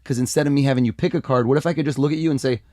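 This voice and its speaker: A man from the United States, a mentalist guest, talking in a casual interview in a lively, animated way. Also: medium pitch, rapid-fire, dry recording, clean studio sound. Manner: energetic, animated, acts out quoted voices.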